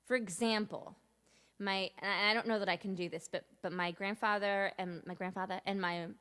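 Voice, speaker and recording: A woman's voice: medium pitch, steady tone, fairly quick, bright, forceful tone, smooth. A woman in her thirties from Cape Cod, talking casually to viewers on a live stream between songs, chatty and rambling, with no strong regional accent. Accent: General American (no Massachusetts accent). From Cape Cod, Massachusetts. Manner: chatty, rambling, self-deprecating, reads out viewer comments. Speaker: singer-songwriter.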